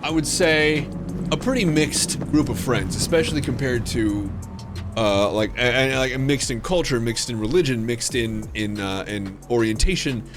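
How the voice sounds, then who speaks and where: A man's voice: mid-range voice, normal speed, music in the background. A man hosting a livestream, telling a story in a loose, casual way. He swears freely and fills his talk with fillers and restarts. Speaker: livestream gamer host.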